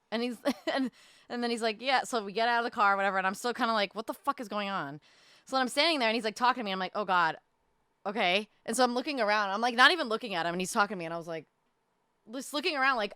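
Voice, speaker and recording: A young woman telling a story in casual chat, animated, full of fillers and swearing, close to the mic. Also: on the high side, smooth, no room sound. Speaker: podcast co-host telling a story. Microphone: close desk mic.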